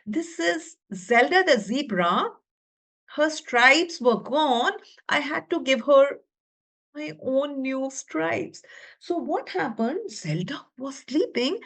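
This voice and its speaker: A woman teacher giving an expressive storytelling webinar from her room. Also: sits high, slow pace, breathy edge. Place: her own room at home.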